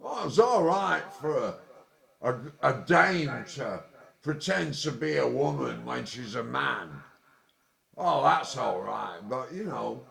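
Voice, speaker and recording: A tipsy man delivering an angry, sweary, rambling monologue, with sudden loud outbursts. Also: mid-range voice, animated, slow, creaky. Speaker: vlogger. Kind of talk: ranting monologue.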